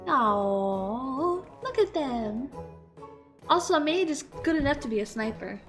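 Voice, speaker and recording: A woman streaming a game, chatting casually in an excitable, giggly, gushing way. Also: high-pitched, slow pace, soft background music.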